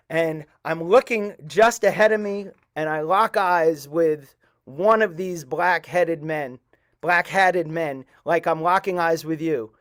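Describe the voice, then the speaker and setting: Middle-aged guy telling a personal story to a crowd, slightly high voice, earnest, lots of pauses. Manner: earnest, halting, with many pauses. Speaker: storyteller at a community event. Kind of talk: personal storytelling to a live audience.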